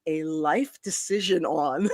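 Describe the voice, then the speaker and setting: A woman's voice: low voice, slow, a little mellow, dry recording. Frank, rambling woman host on a stream. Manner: rambling, frank, with many fillers and self-corrections. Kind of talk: casual chat, storytelling. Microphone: video call streaming setup.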